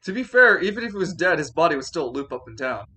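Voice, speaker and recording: A man running a tabletop game as game master, laughing often and yelling for comic effect. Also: a little high, fast talker, slight background noise. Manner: animated, laughs a lot, yells comedically.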